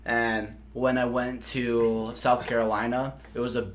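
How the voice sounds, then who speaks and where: A man's voice: mid-range voice, little pitch movement, unhurried, a little hiss or hum. A young man from South Dakota, hosting a podcast and telling rambling, profane stories in casual chat. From South Dakota, USA. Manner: rambling, profane, laughs mid-story. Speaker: podcast host.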